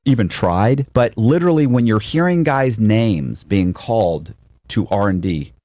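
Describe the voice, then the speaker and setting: A man telling a story in a casual chat, animated and swearing, acting out the voices of others. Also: lowish voice, measured pace, no room sound. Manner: animated, acts out quotes, swears. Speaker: guest telling his story.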